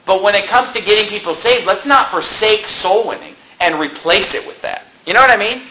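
A man preaching a sermon as pastor, animated and conversational, firing off rhetorical questions to his congregation. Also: high-pitched, a little fast, echoey room, highs cut off, slight background noise. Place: church.

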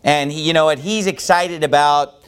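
A male pastor with a high-pitched voice works through a Bible passage verse by verse. He keeps his delivery casual and chatty, with frequent "you know"s between points. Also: normal speed, fairly bright tone, smooth. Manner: conversational, with many filler "you know"s. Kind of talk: expository sermon on a Bible passage.

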